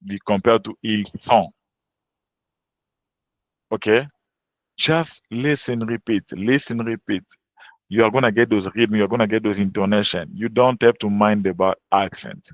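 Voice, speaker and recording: French guy teaching a webinar, lowish voice, keeps repeating simple tips, dry dull sound. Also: normal speed, no echo. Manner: plain, repetitive advice with short instructions. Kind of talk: webinar lecture.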